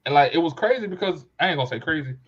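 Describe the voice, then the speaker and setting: Animated man telling a story. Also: fairly high pitch, rapid-fire, breathy edge, muffled recording. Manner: animated storyteller, acts out quoted voices. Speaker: podcast host. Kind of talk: casual storytelling chat.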